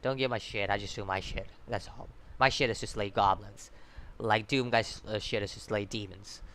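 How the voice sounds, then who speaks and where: A man putting on the voice of a blunt, single-minded male goblin hunter, talking flatly and swearing dismissively. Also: on the low side, moderate pace, a little hiss or hum, pitched below the performer's own voice, lightly acted. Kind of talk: mocking impression in a casual review.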